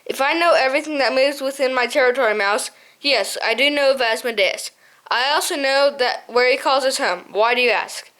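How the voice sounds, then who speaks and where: A pompous male snowy owl captain holds forth in a storybook reading, as a woman reader puts him on. He is huffy and haughty, pitched lower than the reader's narration yet still fairly high. He treats everyone else as beneath him. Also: brisk, fairly bright tone. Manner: huffy, haughty, laughs at others.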